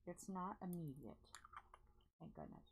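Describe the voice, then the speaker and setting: A woman's voice: fairly low pitch, sing-song, unhurried, background noise. A woman hosting a crafting livestream, telling candid, rambling stories to viewers in chat. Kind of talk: casual chat while crafting.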